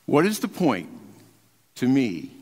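An older man, a pastor preaching an emphatic sermon from the pulpit, swinging between raised and hushed delivery. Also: mid-range voice, huge pitch swings, slow pace, in a large hall. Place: large church sanctuary.

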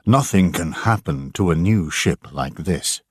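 A man's voice: low voice, expressive, a little slow, husky, no echo, studio quality, exaggerated voice. A man voicing a confident, boastful ship passenger in an audiobook. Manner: assured, boastful. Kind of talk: audiobook character voice.

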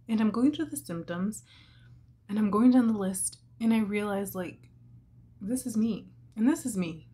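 A woman's voice: mid-range voice, darkish tone. Chatty young woman, candid makeup vlog. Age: young adult. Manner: candid and chatty, many "like" fillers. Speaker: vlogger. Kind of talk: casual makeup vlog with personal story.

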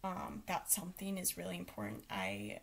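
A woman leading a children's craft activity, giving friendly, relaxed instructions with frequent fillers. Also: on the low side, normal speed, creaky.

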